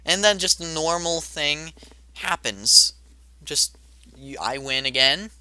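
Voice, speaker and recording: A game creator playing through their own homemade game, rambling and playful with quick asides between game lines. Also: mid-range voice, sharp tone, no echo, rough recording. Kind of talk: let's-play commentary.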